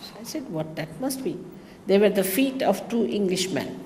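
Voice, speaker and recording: A woman's voice: mid-range voice, lively intonation, moderate pace, darkish tone, a little hiss or hum. Indian woman telling wry stories in a reverberant hall. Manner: anecdotal, chatty, with wry asides. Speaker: spiritual teacher. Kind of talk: storytelling talk to followers. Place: large hotel hall.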